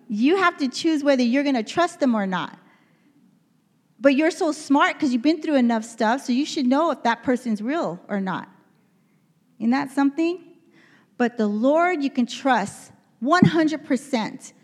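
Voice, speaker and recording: Earnest woman preaching in an echoing church. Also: sits high. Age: 50s. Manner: earnest, conversational, asks the audience questions. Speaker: pastor. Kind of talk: sermon.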